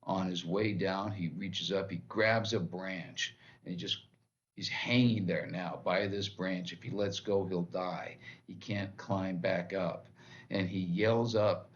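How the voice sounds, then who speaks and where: A man's voice: low voice, fairly even intonation, a little slow, dull audio. A man who is a pastor, giving an earnest, plain-spoken devotional sermon with short repeated phrases. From United States.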